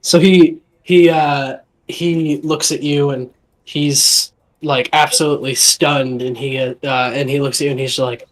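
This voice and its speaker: A man running a live tabletop game as dungeon master, narrating in a halting, rambling way. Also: medium pitch, fairly even intonation, poor audio. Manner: rambling, halting, lots of fillers.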